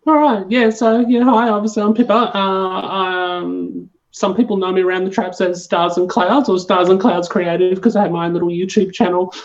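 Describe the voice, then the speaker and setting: An Australian woman chats as a podcast guest, rambling and restarting her sentences with plenty of fillers. Her pitch sits in a middle range. The audio is dull and lo-fi. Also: steady tone, normal speed, few pauses. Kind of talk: casual chat.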